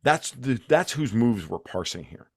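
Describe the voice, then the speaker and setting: A man's voice: medium pitch, sing-song, measured pace, a little mellow, husky, no room sound, studio quality. A man giving his views as an interview guest, ranting emphatically and restarting his sentences often. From United States. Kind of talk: animated conversational interview.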